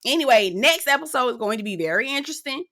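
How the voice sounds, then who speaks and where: A woman giving a sassy, animated recap of a reality show in casual commentary. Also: fast talker, no room sound, clean studio sound. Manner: sassy, animated storytelling, swings pitch for emphasis.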